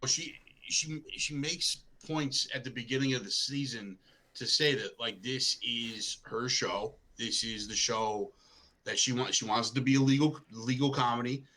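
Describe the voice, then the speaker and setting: A man co-hosting a casual podcast, talking through his opinion in a relaxed, laid-back way. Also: medium pitch, normal speed, low-quality recording. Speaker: podcast co-host.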